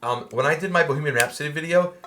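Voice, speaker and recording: A man with an American accent hosting a podcast, chatting casually with lots of fillers and bursts of excited laughter. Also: on the high side, quick pace, a little hiss or hum. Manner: animated, laughing storyteller, many fillers. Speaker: podcast host. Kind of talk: casual chat.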